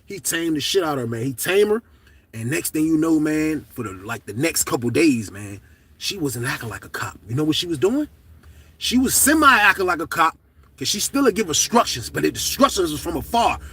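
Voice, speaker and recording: A man telling a comedic story in casual, slangy talk, swinging from hushed to loud. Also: fairly high pitch, sing-song, a little fast, breathy edge.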